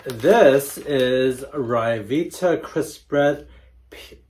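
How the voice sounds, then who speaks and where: A man's voice: mid-range voice, extremely slow, darkish tone. A man hosting a casual food chat, speaking hesitantly and often trailing off. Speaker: host.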